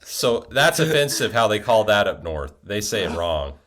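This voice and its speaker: A married man from the Pacific Northwest, a podcast guest, joking in animated casual chat. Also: fairly low pitch, normal speed. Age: adult, married.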